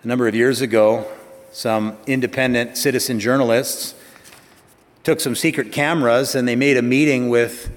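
A male pastor preaching a sermon in a church, emphatic, slowing down and speeding up and rising to stress his points. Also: mid-range voice. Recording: long hall reverb.

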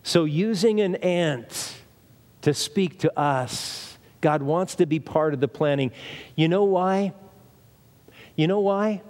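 A man's voice: a little high, darkish tone. A man preaching a sermon in an emphatic way, repeating phrases and asking rhetorical questions. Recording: long reverb of a large hall.

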